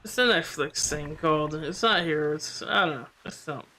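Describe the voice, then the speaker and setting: A man streaming a game, chatting casually and teasing his friend with quick banter. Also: a little high, sharp tone, rough recording. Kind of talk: casual gaming chat.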